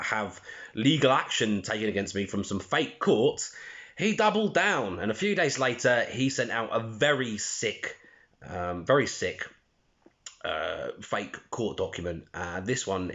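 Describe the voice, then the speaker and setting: Male host, indignant and sarcastic; pitch swings widely; dull lo-fi recording. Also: a bit bright. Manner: indignant and mocking, reading aloud with scornful asides. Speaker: channel host. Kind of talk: commentary on a document. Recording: dull lo-fi audio.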